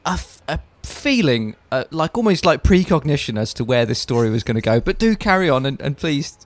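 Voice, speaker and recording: A man's voice: mid-range voice, sing-song, fairly quick, no room sound. A man co-hosting a comedy podcast, tossing in wry, mock-incredulous questions. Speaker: co-host.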